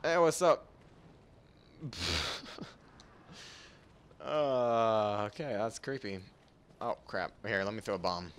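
A man giving casual, goofy gameplay commentary, laughing often and breaking into sudden excited outbursts. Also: lowish voice, slow pace, long pauses, smooth. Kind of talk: casual let's-play commentary.

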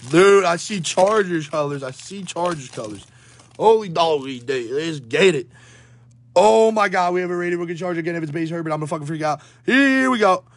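A young card breaker provides live, hyped commentary while opening trading card packs, swearing, rattling off player names, and sounding out of breath. His voice is fairly high, animated, and brisk.

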